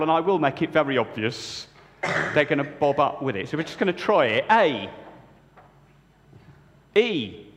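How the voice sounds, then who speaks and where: A jokey preacher in a reverberant church. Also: male voice, a little high. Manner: jokey, lively, leads the congregation. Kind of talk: playful sermon storytelling. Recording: echoey church hall.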